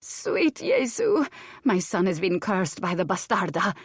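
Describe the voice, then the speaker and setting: A woman's voice: mid-range voice, wildly swooping pitch, unhurried, husky, no echo, studio quality, full character voice. A woman reading an audiobook voices a haughty, vengeful noblewoman who screams and threatens in melodramatic outbursts. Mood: cold, accusing.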